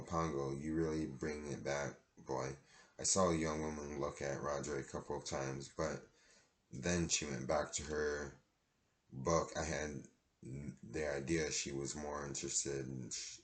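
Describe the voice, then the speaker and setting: A man reads a children's storybook aloud in a plain way, now and then stumbling and restarting. His voice is extremely deep and stays nearly flat in pitch. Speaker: reader.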